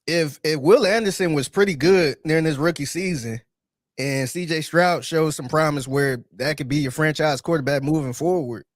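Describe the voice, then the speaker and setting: A man's voice: fairly high pitch, normal speed, no room sound, studio quality. A man co-hosting a podcast in casual sports chat, laid-back and agreeable, often restarting his sentences. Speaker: podcast co-host.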